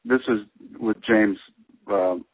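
Husky low-voiced guy in his 60s, chatty storyteller, tinny phone line sound. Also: slow, no echo. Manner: animated storyteller who laughs often. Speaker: podcast guest, musician. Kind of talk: casual chat.

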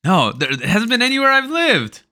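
A man's voice: very high voice, huge pitch swings, normal speed, sharp tone. A man co-hosting a podcast, teasing his partner in playful casual chat. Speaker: podcast co-host.

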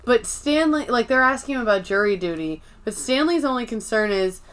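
A woman's voice: fairly high pitch, expressive, fairly quick, a bit bright. Woman cohost on a chatty podcast, recapping episodes, quoting lines, easygoing. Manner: recaps scenes, quotes lines, laughs along. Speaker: podcast co-host. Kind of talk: casual chat.

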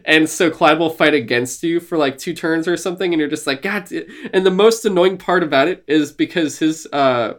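A man co-hosting a podcast in casual gaming chat, animated and laughing, acting out lines from games he describes. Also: on the high side, normal speed, hardly any pauses. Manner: animated, laughing, acts out quotes. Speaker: podcast co-host.

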